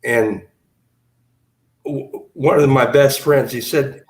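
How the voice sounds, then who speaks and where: A drunk man tells stories with an easygoing, laughing looseness, profanity sprinkled through. His voice rings in a roomy, echoing space, at an average pitch. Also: steady tone, slow pace. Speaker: guest on a live audio panel. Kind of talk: casual storytelling. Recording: roomy echo.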